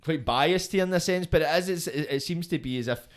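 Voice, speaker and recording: A man's voice: fairly high pitch, brisk. A man hosting a podcast, chatting in a loose, rambling way. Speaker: podcast host. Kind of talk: casual podcast interview.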